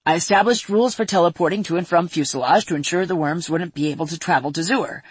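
A woman reading a storybook voices a composed sorceress who explains past events in a measured way. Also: on the low side, breathy edge, dry recording. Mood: explaining.

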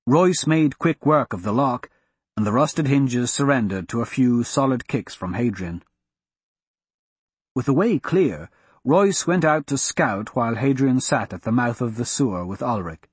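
A man narrating a fantasy audiobook in a steady, measured storytelling manner. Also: medium pitch, husky, no echo.

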